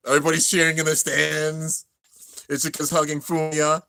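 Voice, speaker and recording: Young male host, bright tense voice, excitedly calling on-screen action, dry close mic. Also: fairly high pitch, a little fast, vocal fry, no echo. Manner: excited, narrating on-screen action, drops to near-tears murmurs. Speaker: anime reaction host. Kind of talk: live reaction commentary.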